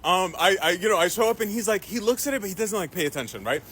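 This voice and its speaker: A man telling a comic story in an animated way, laughing often and using many fillers. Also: sits high, fast talker, breathy edge.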